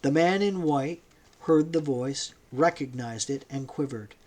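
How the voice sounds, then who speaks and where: A man narrating a novel as an audiobook, in a measured storytelling manner. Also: a little high, darkish tone. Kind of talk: audiobook reading.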